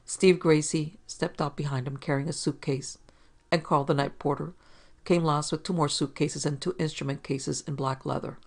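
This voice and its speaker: A man narrating a hard-boiled detective story in a steady, measured reading. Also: fairly high pitch, gravelly.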